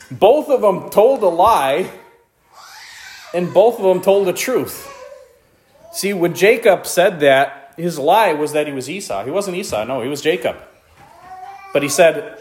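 A man with a high voice reads Bible verses aloud in old-fashioned wording. Between the verses he explains them in a relaxed, joking way and laughs at his own asides. He sounds like a teacher leading a casual Bible study. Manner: reads scripture aloud then comments with playful asides and laughs.

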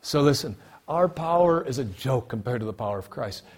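A man with a husky, somewhat breathy voice preaches a sermon. He drops low and quiet, then surges loud and emphatic, repeating his key phrases to press each point home. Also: animated, fairly quick.

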